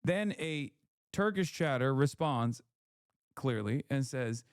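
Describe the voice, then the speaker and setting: A man's voice: medium pitch, expressive, slow pace, smooth, dry recording, studio quality. A man streaming casually, reading ban appeals from chat with a sardonic, mocking manner. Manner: sardonic, reads chat messages aloud in mocking voices.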